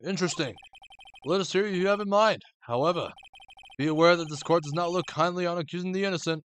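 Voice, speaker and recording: A man's voice: high-pitched, quick pace, a bit bright, slight background noise. A man voicing a stern older male courtroom judge in a video game, speaking formally. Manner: formal, officious.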